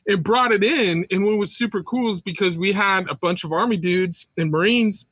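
A man telling war stories as a podcast guest, animated, laughing often and acting out quotes. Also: high voice, normal speed, slightly rough, no echo. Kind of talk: casual storytelling.

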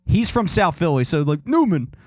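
Young philly dude rambling on a podcast, lots of um and like, pretty high voice, dry mic. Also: male voice, big pitch swings, moderate pace, a little mellow, no echo. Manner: rambling, self-mocking, lots of fillers. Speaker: podcast co-host. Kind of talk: casual chat.

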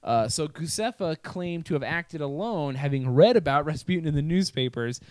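A man's voice: a little high, lively intonation, moderate pace, a little mellow, no room sound. A young man hosting a podcast, telling a history story in a crude, swearing, joking way. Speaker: podcast host. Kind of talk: casual comedic storytelling.

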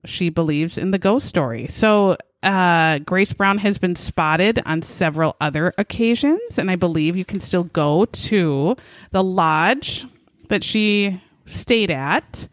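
A woman's voice: on the low side, lively intonation, slow pace, no echo, clean studio sound. A woman telling a story in casual chat, sarcastic and profane, mocking the people in it.

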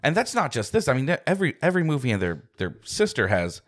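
A man co-hosting a podcast, chatting casually in an animated, rambling way with many restarts. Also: mid-range voice, quick pace. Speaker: podcast co-host.

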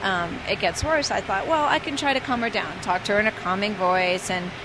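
A woman telling stories from her work as a flight attendant, chatty and loose, with plenty of ums and restarts. Her voice sits at an ordinary middle pitch. Clear noise runs behind her, with the sounds of traffic and the street. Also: fairly quick. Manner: chatty, hesitant with many fillers. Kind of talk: casual storytelling.

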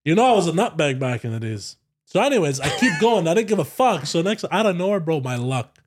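Animated, profane man. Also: on the high side, quick pace. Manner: animated, profane, says "bro" constantly. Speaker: podcast guest. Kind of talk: casual storytelling.

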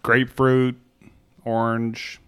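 A man's voice: medium pitch, completely flat delivery, slow, a bit bright, clear, resonant tone. A man with an ordinary mid-range voice on a casual podcast. He talks in an easygoing, agreeable way, echoing the others before giving his own score. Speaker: podcast co-host keeping scores. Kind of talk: casual beer-review chat.

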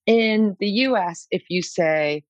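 A woman actress, a guest on an interview, chats in a lively, jokey way from home. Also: mid-range voice, slow, dry recording. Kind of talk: casual interview chat. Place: home in London. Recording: dry, dull lo-fi call audio.

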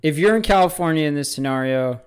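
Animated high-pitched East Coast man. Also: fast talker, clear, resonant tone. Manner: animated, argumentative, does put-on street voices. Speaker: podcast co-host. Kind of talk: casual comedic banter.

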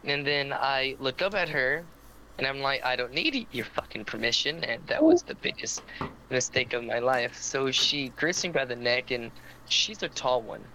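A man's voice: mid-range voice, measured pace, bright, forceful tone, a little hiss or hum, low-quality recording. A man co-hosting a podcast, telling a long story in casual chat, rambling with lots of fillers, and stammering when he gets teased. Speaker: podcast co-host.

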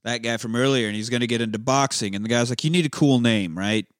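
A man's voice: medium pitch, quick pace, dry recording, studio quality. A man chatting casually about a film, retelling scenes in a rambling, laid-back way, swearing freely and acting out lines. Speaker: podcast co-host. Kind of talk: casual movie recap chat.

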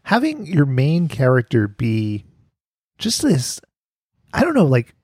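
A man's voice: medium pitch, huge pitch swings, slow, darkish tone, breathy edge, no room sound, clean studio sound. Wry male podcast host. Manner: wry, laughing, swears casually. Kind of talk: casual podcast chat.

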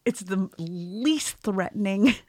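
A woman's voice: medium pitch, animated, slow pace, no echo, studio quality. A woman co-hosting a podcast in casual chat, giggly and talkative, often restarting her sentences. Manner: giggly, chatty, frequent restarts. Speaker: podcast co-host.

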